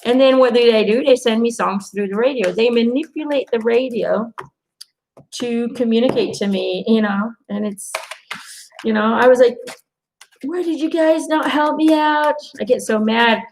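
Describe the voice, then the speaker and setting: Chatty woman with a gravelly edge. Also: fairly high pitch, normal speed, low-quality recording. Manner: chatty, animated storytelling with quoted asides; reassuring, addresses viewers directly. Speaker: intuitive card reader. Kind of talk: live-stream angel card reading.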